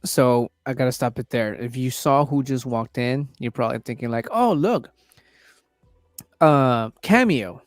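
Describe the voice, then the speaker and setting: A man's voice: mid-range voice, flat delivery, a little fast, few pauses, faint music behind. A man hosting a casual livestream, talking loosely and swearing freely as he reacts to trailers. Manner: loose, profane, chatty. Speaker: livestream host reviewing trailers.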